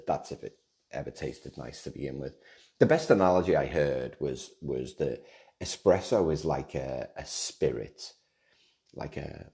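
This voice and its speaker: Very deep-voiced, mellow rambling man. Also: creaky. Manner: rambling, restarts and repeats words, self-deprecating humor. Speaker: podcast host. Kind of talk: casual solo podcast monologue.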